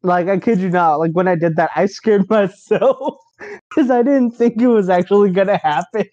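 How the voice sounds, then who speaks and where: A man's voice: high voice, moderate pace, darkish tone, lo-fi sound. A young man co-hosting a casual podcast, rambling and joking and swearing freely. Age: young adult. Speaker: podcast co-host. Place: college dorm.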